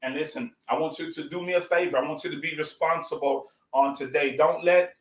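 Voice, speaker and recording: A man's voice: on the high side, fairly even intonation, brisk, echoey room, slight background noise, poor audio. A man hosting a casual live cooking stream, folksy and effusive, greeting his viewers by name.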